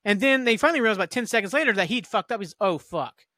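A man's voice: high voice, lively intonation, sharp tone, dry recording, clean studio sound. A man hosting a sports talk podcast, ranting angrily and profanely about refereeing. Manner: profane, heated, fast-talking rant. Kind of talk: angry ranting commentary.

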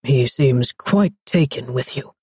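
Woman putting on a gentle stepdad voice. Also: sits low, moderate pace, breathy edge, dry recording, studio quality, pitched below the performer's own voice. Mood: pompous. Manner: fake British accent, kindly. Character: jovial middle-aged man, future stepfather.

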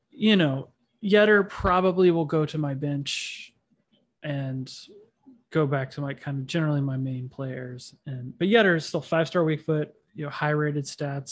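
Nasally guy rambling on a casual podcast, kinda high voice, talks a lot. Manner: rambling, self-deprecating, chatty. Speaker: podcast host. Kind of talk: casual chat.

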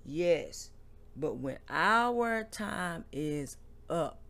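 Gravelly man earnestly retelling a vision. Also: a little high, lively intonation, very slow, fairly bright tone. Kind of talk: casual faith conversation.

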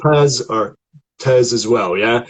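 A husky-voiced man leading a vocal warm-up lesson. He explains each exercise, counts out the repetitions and demonstrates the sounds at a mid pitch. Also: slow pace, poor audio. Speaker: voice coach.

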